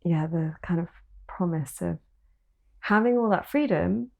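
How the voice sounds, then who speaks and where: A woman's voice: lowish voice, unhurried, creaky, narrow, tinny audio. A woman hosting a podcast, talking in a reflective, casual way and laughing easily. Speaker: podcast host. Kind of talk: casual conversation.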